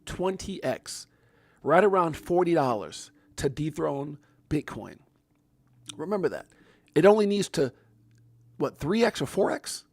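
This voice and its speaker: A man hosting a livestream, talking excitedly to his chat and repeating himself. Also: fairly high pitch, a little slow, creaky, pauses often, dry recording. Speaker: livestream host.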